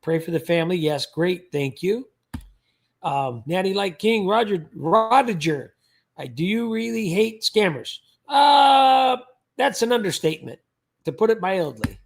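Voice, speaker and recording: A man's voice: sits high, lively intonation, normal speed, creaky. A man hosting a livestream, chatting casually in a rambling way with frequent restarts. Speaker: livestream host.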